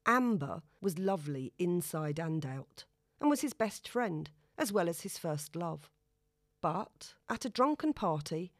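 A woman reading a novel aloud in a wry, even storytelling manner. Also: fairly low pitch, no echo, clean studio sound. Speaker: audiobook narrator. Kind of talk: scripted narration.

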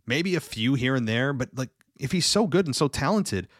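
A man's voice: mid-range voice, expressive, moderate pace, dry recording. Opinionated man rambling in a dry room. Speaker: wrestling show reviewer. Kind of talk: casual commentary.

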